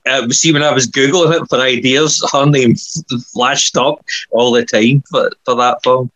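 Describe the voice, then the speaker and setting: A man co-hosting a casual podcast chat, agreeable and quick to laugh. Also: medium pitch, steady tone, a bit bright, dry recording. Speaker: podcast co-host.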